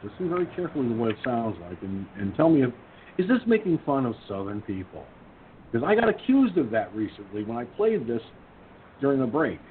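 Very animated and a little fast, this medium-pitched man hosts a casual online talk radio show. He chats away and tells stories about doing voices, chuckling at himself as he goes. The sound is tinny, like a phone line, with faint noise.

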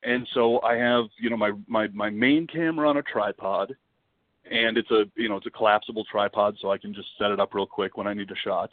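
A man guesting on a podcast, telling a travel story in a lively, dramatic way and swearing freely. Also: fairly low pitch, brisk, no echo. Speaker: podcast guest, wildlife video producer. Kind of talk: casual storytelling. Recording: dry, tinny phone-like line.

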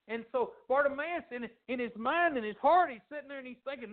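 A man with a high voice preaches a sermon, rising and falling sharply as he acts out the people in his story. The sound is thin and tinny, as if heard down a phone line. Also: fairly quick, few pauses. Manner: preaching with dramatic pitch swings, acting out quoted voices. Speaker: pastor.

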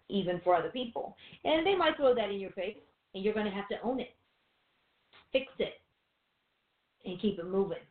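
A woman co-hosting a Christian teaching show, preaching in a loose, conversational way with rhetorical questions and quick asides. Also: medium pitch. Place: room with a few listeners behind the cameras. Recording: tinny phone-like sound in an echoey room.

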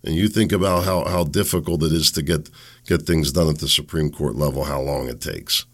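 A man's voice: a bass voice, steady tone, a little fast. A man hosting a solo political talk show, blunt and sarcastic, rambling with restarts.

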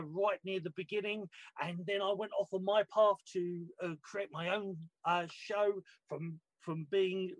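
A British man speaking as a guest on a panel, sharing spiritual ideas in a halting, earnest way with many "uh"s, heard over a video call. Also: high-pitched, no room sound, low-quality recording. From Britain. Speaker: panel guest, Qigong and Reiki practitioner.

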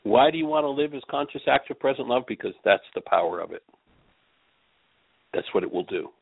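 Husky, gravelly man, measured earnest teacher, phone-quality line. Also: medium pitch, expressive, dry recording. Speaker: radio show host and healing teacher. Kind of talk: spoken teaching with a told story.

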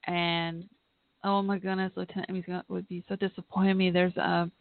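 A woman hosting a live podcast, talking in an earnest, heartfelt, halting way and reading aloud. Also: lowish voice, little pitch movement, no room sound. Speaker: podcast host. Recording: tinny phone-line audio, dry.

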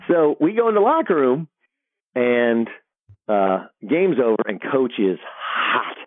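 A middle-aged man, a sports broadcaster, telling animated locker-room stories as an interview guest, often restarting his sentences. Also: medium pitch, normal speed, no echo. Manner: animated storyteller, frequent restarts. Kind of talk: storytelling interview. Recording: dry tinny phone line.

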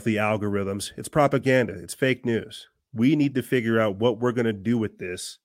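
A man of average pitch, hosting his own podcast and ranting in an earnest, preachy way as he builds to fiery peaks. His voice sounds dry and close, with no room sound. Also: no room sound. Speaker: podcast host. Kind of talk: impassioned monologue.

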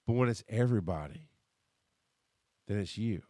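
Man, 30s, podcast host, casual monologue, blunt and rambling, swears freely, mid-pitched voice. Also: animated, normal speed, no room sound, studio quality. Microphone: headphones and desk mic.

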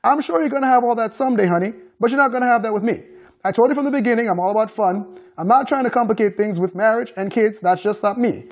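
A man's voice: sits high, fast, voice pushed up. Man voicing a curt man walking out. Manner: curt and cutting. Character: blunt man in his thirties walking out.

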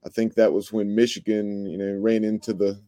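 A man hosting a sports podcast, asking measured questions with frequent fillers. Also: fairly low pitch, flat delivery, dark tone, no echo. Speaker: podcast host.

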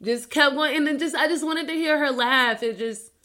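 A woman's voice: sits high, normal speed, bright, forceful tone. A woman hosting a podcast in a casual chat, speaking in a candid, emotional way with plenty of swearing. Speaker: podcast host.

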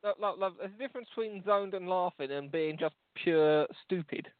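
A man's voice: sits high, moderate pace, dry recording. A man co-hosting a comedy podcast, talking in a crude, mocking, rambling way. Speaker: co-host. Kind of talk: casual comedy podcast banter. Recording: dry, phone-like lo-fi sound.

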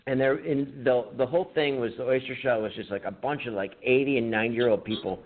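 A man's voice: medium pitch, quick pace. A man co-hosting a podcast, telling a rambling, profane story in casual chat, laughing as he goes. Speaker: podcast co-host. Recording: tinny phone-like line with faint hiss.

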